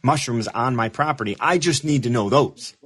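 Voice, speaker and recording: A man's voice: medium pitch, normal speed, breathy edge. Rambling, self-mocking male host. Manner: animated, repeats and restarts. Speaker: show host. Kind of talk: casual storytelling chat.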